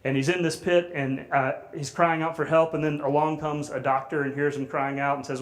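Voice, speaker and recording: A man preaching a sermon in a conversational way, building loud and high on repeated phrases and dropping soft on quiet lines. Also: fairly even intonation, a little fast. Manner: conversational with fillers. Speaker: guest preacher.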